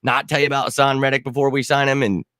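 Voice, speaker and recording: A man's voice: mid-range voice, level tone, fast, a bit bright, dry recording. A man hosting a casual sports talk livestream, ranting in an exasperated tone and talking to his chat. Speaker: host of a sports talk show.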